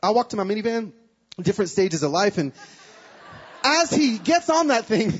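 High, husky-voiced male preacher. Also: normal speed, lo-fi sound, a faint crowd. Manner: animated, acts out dialogue. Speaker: guest speaker. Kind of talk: sermon with storytelling.

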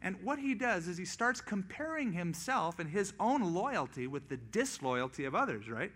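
A male pastor preaching a sermon, acting out quoted voices in lively storytelling. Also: high voice, normal speed, breathy edge.

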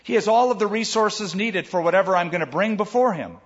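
An older man preaching a sermon as pastor, in a conversational, animated way with asides to his listeners. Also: high voice, a little fast, long reverb tail, highs cut off.

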